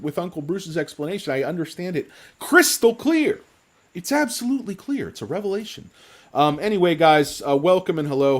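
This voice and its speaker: A man's voice: mid-range voice, darkish tone. A tipsy man hosting a casual livestream, rambling jokily and reading out chat names. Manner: rambling, jokey, reads chat aloud. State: tipsy from drinking. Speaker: livestream host.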